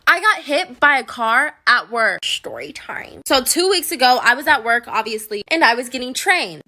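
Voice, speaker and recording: High, bright woman with a joking storytime. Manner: matter-of-fact, joking. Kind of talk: casual storytime.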